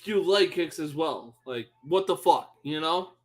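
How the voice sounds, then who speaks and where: A man commentating a fight on a live stream, swearing and yelling at the fighters in exasperation. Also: a little high, animated, unhurried.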